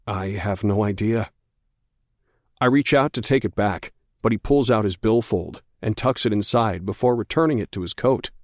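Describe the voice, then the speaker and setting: A man with a fairly low voice narrates a thriller audiobook in the first person. His delivery is measured and tense, recorded close and dry with no room around it. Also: dry recording.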